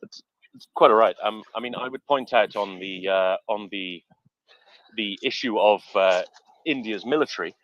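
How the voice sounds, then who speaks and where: A man hosting an online discussion, speaking in a measured, thoughtful way with frequent fillers. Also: lowish voice, a bit bright, dry recording. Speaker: host. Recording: muffled dry online audio.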